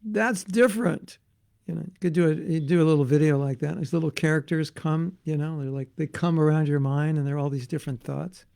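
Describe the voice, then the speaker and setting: A male spiritual teacher giving a devotional class in a loose, conversational way, breaking into voices as he goes. His voice sits a little high for a man and has a rough, gravelly fry. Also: fairly quick. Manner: animated, conversational, acts out voices. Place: Alachua, Florida.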